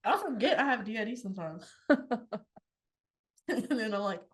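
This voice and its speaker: A woman's voice: on the high side, sing-song, normal speed, long pauses, fairly bright tone. A woman in her twenties co-hosting a podcast, chatting casually, retelling conversations with lots of quoted back-and-forth and laughter. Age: 20s. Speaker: podcast co-host. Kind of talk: casual chat.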